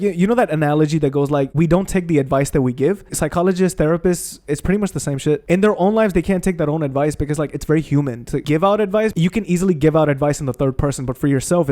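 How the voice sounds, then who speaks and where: Gaming vlogger, young man, somewhat high voice, profane heated rant. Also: mellow. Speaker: gaming video creator. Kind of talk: casual rant while playing a video game.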